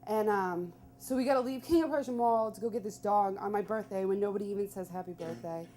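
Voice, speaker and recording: A young woman telling a personal story live, chatty and animated, full of "like". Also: medium pitch, quick pace, a little hiss or hum.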